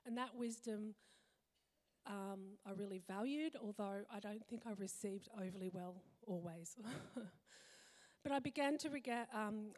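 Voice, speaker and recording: A woman in her fifties giving a heartfelt, reflective personal talk to a gathering, often pausing to list things slowly. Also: mid-range voice. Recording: long hall reverb.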